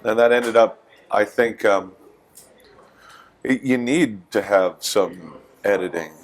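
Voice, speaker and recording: A man's voice: on the low side, takes it slowly, rough recording. A man in his forties with a Canadian accent, chatting casually in an interview, joking and self-deprecating. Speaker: interview guest, musician.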